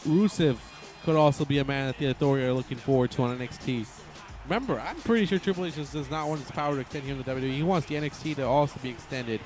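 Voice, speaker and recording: Talking rapid-fire in a mid-range voice, the same kind of commentator calls a wrestling video game casually and excitedly. He rambles and keeps correcting himself while soft music plays in the background.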